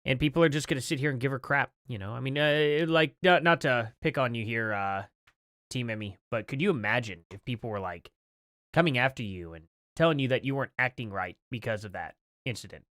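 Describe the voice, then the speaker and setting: A man's voice: medium pitch, brisk, a bit bright, no echo, studio quality. A man hosting a livestream, talking through his opinions in a rambling, conversational way with lots of fillers. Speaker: livestream host. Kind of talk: casual commentary.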